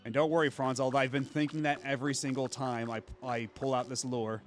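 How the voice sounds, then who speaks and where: A man casually commenting while he plays a fishing game on a stream, thinking aloud with quick asides. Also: medium pitch, little pitch movement, faint music behind.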